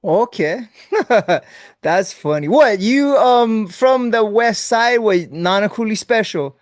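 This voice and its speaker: A man's voice: sits high, lively intonation, takes it slowly, dry recording, clean studio sound. A man hosting a podcast, chatting casually, teasing his guest and laughing often. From Hawaii. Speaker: podcast host. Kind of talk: casual chat.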